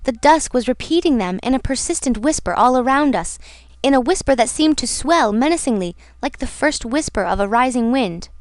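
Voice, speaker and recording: Female audiobook narrator, measured dramatic reading, smooth voice, fairly high. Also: animated, no echo. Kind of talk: scripted narration.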